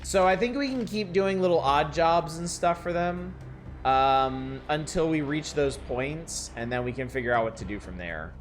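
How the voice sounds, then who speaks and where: A man's voice: on the high side, animated, moderate pace, faint music behind. Casual, musing male game streamer. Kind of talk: let's-play commentary.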